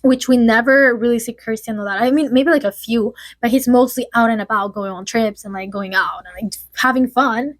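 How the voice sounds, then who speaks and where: A woman's voice: fairly high pitch, fairly quick, few pauses, no echo. A young adult woman vlogging casual gossip, rambling and chatty with lots of "like" fillers. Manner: chatty, rambling, heavy use of "like". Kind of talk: casual gossip chat to camera.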